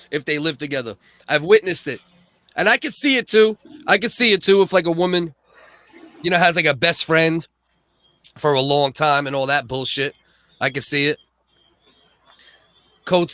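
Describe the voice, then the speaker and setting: Bright-voiced profane male podcast host. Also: a little high, no echo. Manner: profane, joking, teasing. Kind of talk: crude comedic casual chat.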